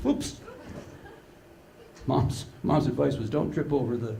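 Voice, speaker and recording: An older man giving a humorous keynote to a conference audience, an animated storyteller who acts out the dialogue. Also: mid-range voice, slow, gravelly, slight background noise. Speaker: conference speaker. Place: large conference hall with live audience. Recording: echoey conference hall.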